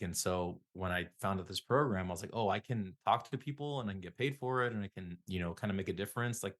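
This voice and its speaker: A middle-aged man, a psychotherapist guest, telling rambling self-deprecating stories in a casual interview. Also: low-pitched.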